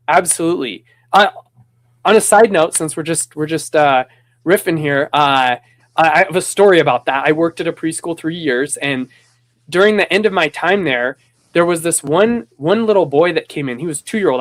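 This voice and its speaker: High-voiced man, animated storyteller. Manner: rambling with restarts. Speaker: podcast host. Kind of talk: casual conversation.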